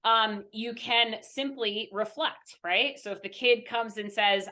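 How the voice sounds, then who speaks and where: This young adult woman, a mindfulness coach, is being interviewed on a podcast and explains earnestly in a teacherly way, adding "right?" after nearly every point. Her fairly high, sharp-toned voice is unhurried and fairly even in intonation, with hardly any pauses.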